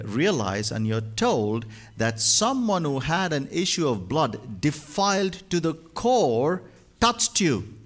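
A male pastor preaching a sermon, moving from hushed, slow lines to loud, emphatic ones. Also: mid-range voice.

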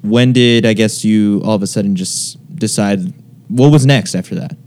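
Low-voiced relaxed male interviewer. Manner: relaxed, halting questions. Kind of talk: casual interview questions.

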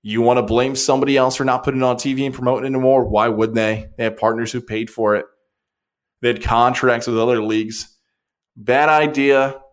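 A man hosting a sports talk show, giving an opinionated, animated monologue. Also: mid-range voice. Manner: opinionated, animated, rapid swings. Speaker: sports radio host.

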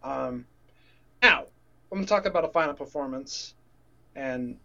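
A man's voice: medium pitch, a little slow, creaky, sharp tone. Rambling man with a dull lo-fi sound. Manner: rambling, restarts sentences, emotional. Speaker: podcast co-host. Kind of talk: casual chat.

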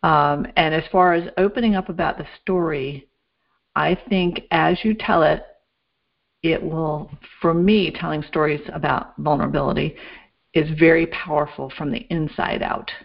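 Woman, radio host, low voice, reflective, dull lo-fi sound. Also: gravelly. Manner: reflective, encouraging. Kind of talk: interview.

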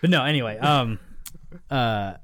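A man's voice: mid-range voice, unhurried, a bit bright. A man co-hosting a podcast in casual chat, rambling with many restarts and fillers. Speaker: podcast co-host.

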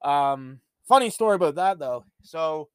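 A man's voice: on the high side, expressive, measured pace, fairly bright tone, clean tone, no room sound, studio quality. A man hosting a podcast, rambling through casual, profane stories in a laid-back way. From Ontario, Canada. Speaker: podcast host. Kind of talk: casual monologue.

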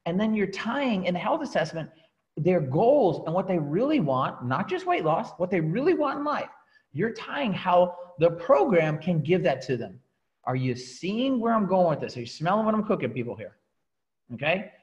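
A man giving a motivational talk to a coaching team, telling his story in an animated way and often restarting his sentences. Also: high-pitched, moderate pace, lo-fi sound. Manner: animated storytelling, repeats words and restarts, laughs at himself.

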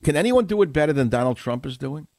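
A male talk radio host from New York with a very animated, swinging delivery. He sounds dry and close to the mic, and he jabs at his targets with mocking rhetorical questions. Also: fairly high pitch, fast, dry recording.

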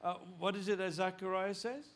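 A middle-aged male pastor preaching a sermon, animated, with frequent restarts, growing loud and urgent in places. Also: high voice, brisk. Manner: animated preaching, rising loud when voicing God; frequent restarts and repeated words.

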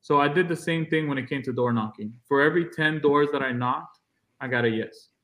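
A man's voice: a little high, fairly quick, fairly bright tone. A man guest on an interview podcast, casually telling stories in a blunt, to-the-point way and acting out the dialogue. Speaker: podcast guest, real estate agent.

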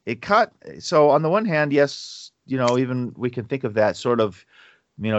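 A man co-hosting a podcast, talking through a Bible passage in a reflective, halting way with many restarts. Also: medium pitch, expressive, no room sound, dull audio. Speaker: co-host of a Bible study podcast. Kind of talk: casual Bible discussion.

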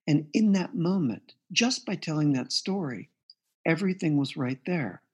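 A man's voice: fairly high pitch, animated, moderate pace, a little mellow, breathy edge. A man being interviewed as a guest therapist, earnestly recounting a client's case and quoting the dialogue. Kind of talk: interview storytelling.

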